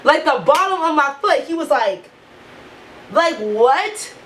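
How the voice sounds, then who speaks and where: A woman vlogger with a high voice tells a storytime straight to camera. She is animated and profane, with "like" in almost every phrase. A faint hiss of noise sits under her voice. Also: measured pace, poor audio. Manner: animated, profane, heavy use of "like". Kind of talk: storytime vlog.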